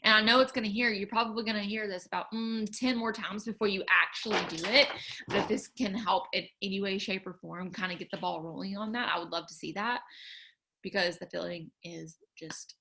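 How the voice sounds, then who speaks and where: Bright-voiced young woman giving earnest encouragement. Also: medium pitch, fairly even intonation, brisk, gravelly. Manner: chatty and earnest, many fillers, urging viewers on. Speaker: livestream host sharing faith encouragement. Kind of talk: casual faith talk to viewers.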